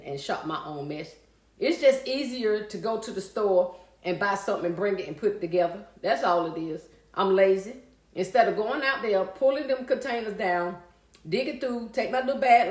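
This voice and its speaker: A woman hosting a casual livestream, chatting with viewers and reading out their comments in a folksy way. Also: mid-range voice. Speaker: livestream host. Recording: echoey room.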